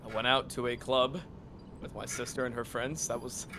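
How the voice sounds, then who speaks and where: A man's voice: mid-range voice, little pitch movement, moderate pace, bright, forceful tone, slight background noise. A man in a casual chat, cracking jokes and laughing often as he talks.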